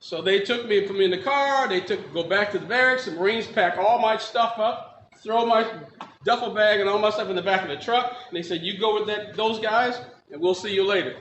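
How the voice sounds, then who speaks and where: A man's voice: high-pitched, fairly quick, fairly bright tone, slight background noise. A man from Milwaukee giving a personal testimony, acting out the voices of the people in his story. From Milwaukee, Wisconsin. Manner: acts out dialogue in quotes, laughs at his own story. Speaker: testimony speaker. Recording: echoey room with faint ambience.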